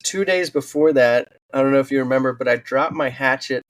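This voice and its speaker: A man's voice: medium pitch, a little fast, slight background noise. A man who is a podcast guest, telling personal stories earnestly in a casual interview, with plenty of "um"s along the way. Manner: earnest, animated storytelling with fillers. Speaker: podcast guest, wildland firefighter and author.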